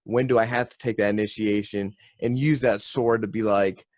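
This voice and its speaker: A man's voice: fairly low pitch, steady tone, moderate pace, darkish tone, no room sound, clean studio sound. A man hosting a casual interview podcast, laid-back, dropping like and dude into his speech. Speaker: podcast host.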